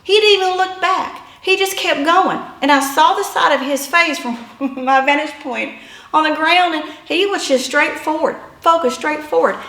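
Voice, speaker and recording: A woman telling a personal story in an animated way, building to yelps and shouts. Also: high voice, moderate pace, echoey room.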